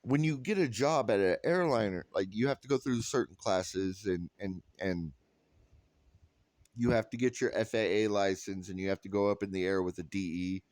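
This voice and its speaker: A man's voice: on the low side, moderate pace, darkish tone, dry recording. A man in his thirties telling a funny story in a casual vlog, quoting people and laughing often. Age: 30s. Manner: rambling with restarts and "like". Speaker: vlogger.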